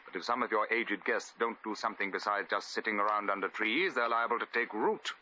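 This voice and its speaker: An actor playing a bored, flirtatious lord with a clipped, drawling manner, in 1950s radio comedy acting. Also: male voice, on the low side, fairly quick, sharp tone, slight background noise. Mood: languid. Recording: muffled old radio broadcast.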